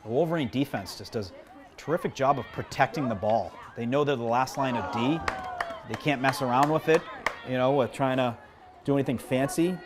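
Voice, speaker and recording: A man's voice: medium pitch, a little fast. Man, local sports commentator, casual play-by-play, chatty, outdoor field, audible crowd. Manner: chatty, self-deprecating, jumps to yelling on big plays. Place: outdoors at a high school field hockey game. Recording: crowd noise behind.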